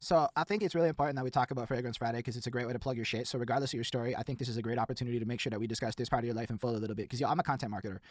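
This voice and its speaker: A man's voice: mid-range voice, dry recording. Give me a male interview host who rattles off words at breakneck speed, pumped up and profane. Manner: fast, excitable, heavy swearing. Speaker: podcast host. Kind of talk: casual interview chat.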